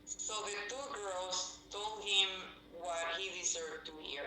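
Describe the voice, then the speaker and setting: A woman telling a family story in casual chat, animated and indignant. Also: on the low side, slow, roomy sound, slight background noise, low-quality recording. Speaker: podcast co-host.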